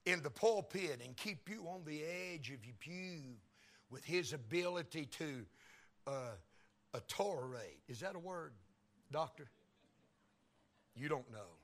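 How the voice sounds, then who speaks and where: A man preaching a sermon in a slow, folksy Tennessee drawl, building to loud shouted peaks. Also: on the high side. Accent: Tennessee Southern US.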